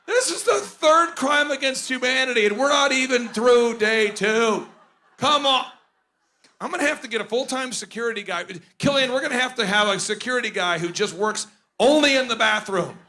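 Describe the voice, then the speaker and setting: A man hosting a conference, joking and rambling in animated comedic stage banter. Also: very high voice, normal speed. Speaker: conference host.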